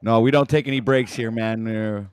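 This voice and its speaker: Speaking quickly in a lowish, fairly even voice, this French Canadian host from Canada trips over his words on a casual livestream, repeatedly restarting them and poking fun at himself. Slight background noise is audible.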